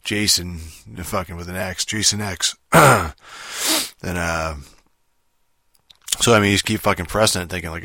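A man's voice: low-pitched, fairly even intonation, normal speed, bright, forceful tone, no echo, studio quality. A man casually retelling a video game, rambling with heavy swearing, fillers and restarts.

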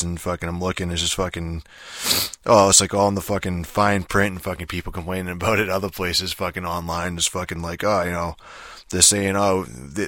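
A man's voice: deep voice, a bit bright, dry recording, clean studio sound. A man ranting casually about a game release, rambling and frustrated, swearing constantly. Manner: profane, rambling, frustrated, heavy swearing and fillers. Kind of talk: casual rant to camera.

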